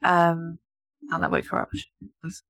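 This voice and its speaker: Creaky-voiced woman chatting with her partner. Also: lowish voice, huge pitch swings, takes it slowly, a bit bright, no room sound. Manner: chatty, laughs at her own stories. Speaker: podcast co-host, new mother. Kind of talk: casual chat.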